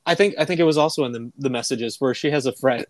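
A man's voice: mid-range voice, fast, dry recording. A man in his thirties, co-hosting a casual podcast chat late at night, rambling and swearing as he laughs through stories about his kid. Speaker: podcast co-host, parent.

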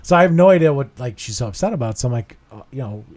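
A man's voice: medium pitch, very fast. Man telling a rambling, profane story. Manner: profane, self-deprecating, animated storytelling. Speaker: podcast co-host. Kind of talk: casual storytelling chat.

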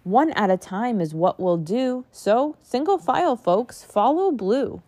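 A cheerful mayor from a picture book makes a grand little speech to the crowd, as a woman reading aloud puts him on. His lines rise and fall in a lively, unhurried way, recorded close and dry. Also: on the high side, no echo. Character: cheerful male city mayor giving a speech.

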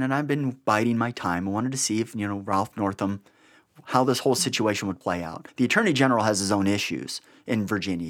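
A man hosting a podcast, giving blunt, sarcastic political commentary with an exasperated edge. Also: fairly low pitch. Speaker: podcast host.

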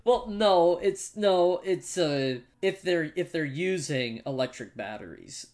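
A man in a loose podcast chat, reading trivia aloud and breaking into laughter between tangents. His voice sits a little high, and he circles back on his words with plenty of "like.". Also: animated, slow pace, a little mellow. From United States. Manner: laughs often, talks in restarts with lots of "like". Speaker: podcast co-host reading movie facts. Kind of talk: casual chat.

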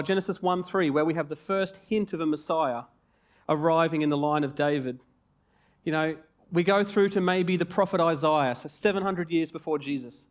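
A male preacher in his forties delivers a sermon with a light, joking manner and plenty of rhetorical questions. His voice sits a little higher than most men's, and he talks like he is chatting with the congregation rather than reading a text. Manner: animated, jokey and conversational.

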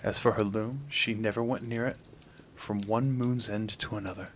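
A man hosting a story podcast, narrating a folk tale in a gentle, unhurried storybook style. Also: lowish voice, steady tone, a little hiss or hum, rough recording. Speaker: storyteller host.

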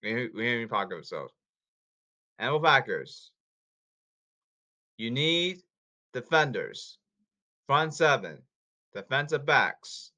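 A man's voice: mid-range voice, very animated, slow pace, pauses often, pushed and bright. A man talking casually to his audience, rambling and repeating himself as he jumps between topics. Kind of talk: casual rambling talk to camera.

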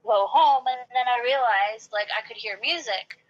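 A woman's voice: fairly high pitch, moderate pace, dull audio. A woman in casual chat, telling a long personal story, saying "like" a lot and acting out what people said. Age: late 20s or older. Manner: chatty, lots of "like", acts out quotes.

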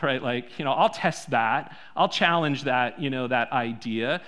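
A man preaching a sermon in a church, conversational, full of rhetorical questions, swinging between soft and loud. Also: mid-range voice, unhurried, few pauses. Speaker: pastor.

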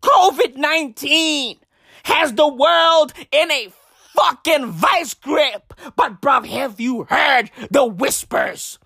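A woman doing a profane comedic rant in street slang, her voice cracking as she lurches between yelling and whispering. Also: high-pitched, animated, slow, vocal fry, no echo, studio quality. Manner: shouty, slangy, wild swings from yells to whispers. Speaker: comic ranter.

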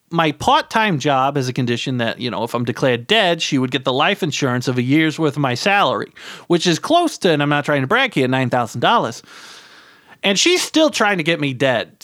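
A man's voice: fairly high pitch, a bit bright, no room sound, studio quality. A middle-aged man telling a rambling comic story as a podcast guest, stumbling over repeated words and tagging his lines with "right?".

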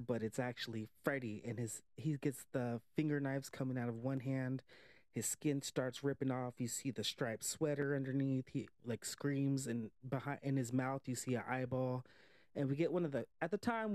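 A man's voice: mid-range voice, no room sound, studio quality. A man casually retelling a movie plot in a loose, rambling way, full of "like" and the odd curse word. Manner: animated storytelling, slipping into quoted voices; loose, rambling, with swearing and frequent "like". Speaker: movie reviewer.

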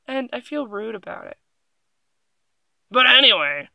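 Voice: medium pitch, big pitch swings, unhurried, creaky, pushed and bright, no echo. A young adult vlogger reading an article aloud at home into a phone, with sarcastic, giggly, rambling commentary. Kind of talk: casual reaction commentary. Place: room at home.

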